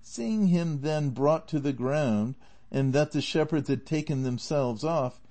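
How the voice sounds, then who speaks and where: A man narrating a classic novel as an audiobook in a steady, measured way. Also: fairly high pitch.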